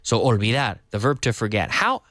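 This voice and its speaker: A man's voice: lowish voice, brisk. A Canadian man teaching English on a live stream, his voice rising and falling a lot as he explains. He restarts and rephrases often and slips into Spanish here and there. The sound is close and dry, with little room echo. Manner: animated, repeats and rephrases, mixes in Spanish. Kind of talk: live-streamed language lesson.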